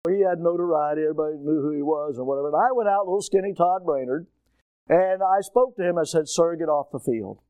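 A middle-aged male preacher telling a personal story in a sermon, animated, moving from quiet asides to loud shouting, his throat strained. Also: fairly high pitch, fast, clear, resonant tone, no echo.

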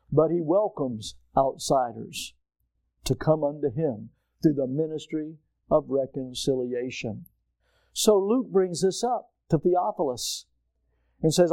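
A middle-aged male pastor preaching a sermon, emphatic and questioning his listeners, rising loud on key points. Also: a little high, dry recording.

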